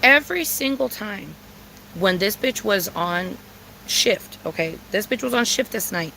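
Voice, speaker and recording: A woman's voice: medium pitch, unhurried, creaky, a little hiss or hum, poor audio. A woman telling a storytime rant in casual, blunt, profane talk, repeating herself for emphasis. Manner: profane, blunt and repetitive, with lots of fillers; animated, with sudden loud outbursts.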